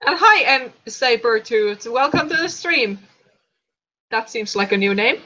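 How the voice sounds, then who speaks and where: A woman hosting a livestream in casual chat, playful, giggly and excitable. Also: a little high, a little slow. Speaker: streamer host. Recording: dull lo-fi stream audio.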